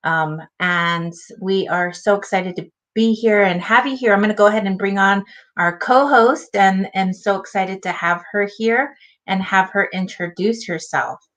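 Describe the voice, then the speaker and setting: A woman's voice: mid-range voice, moderate pace, fairly bright tone. A woman hosting a community livestream, enthusiastically greeting viewers one by one by name. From Lakota and Taos Pueblo. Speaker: host. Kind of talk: welcoming a livestream audience.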